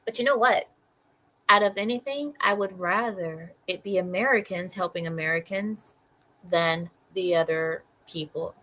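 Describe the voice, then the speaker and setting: A woman's voice: on the low side, moderate pace, pushed and bright, rough recording. A woman reacting to the news as a commentator, exasperated and mocking, often repeating herself. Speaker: political commentator.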